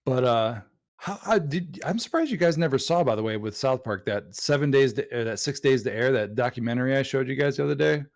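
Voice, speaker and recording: A young adult man hosting a podcast in casual chat, telling stories excitedly with frequent laughter. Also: medium pitch, brisk. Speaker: podcast host.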